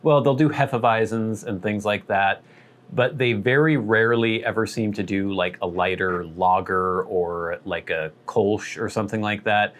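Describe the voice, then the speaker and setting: A man's voice: fairly low pitch, normal speed, a bit bright. A man hosting his vlog, telling a rambling, wry, self-deprecating story in a casual way. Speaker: vlog host.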